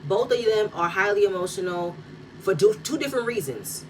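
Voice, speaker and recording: Speaking at a moderate pace in an expressive, medium-pitched voice, a woman gives casual reaction commentary on a reality show. She's blunt, heated, and profane, and the distant mic picks up faint noise.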